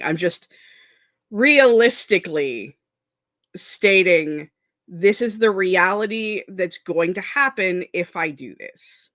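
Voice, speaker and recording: A woman's voice: low-pitched, fairly bright tone, no echo, clean studio sound. A sleep-deprived young woman rambling and laughing as she chats with viewers on a live stream. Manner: rambling, scattered, self-deprecating, laughs often. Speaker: streamer hosting a productivity stream. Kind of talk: casual live-stream chat.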